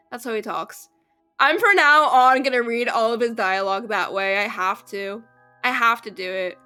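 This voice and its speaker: A woman's voice: on the high side, normal speed, sharp tone, smooth, soft background music. A woman streamer giving casual, rambling and profane commentary while playing a game. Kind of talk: casual let's-play commentary.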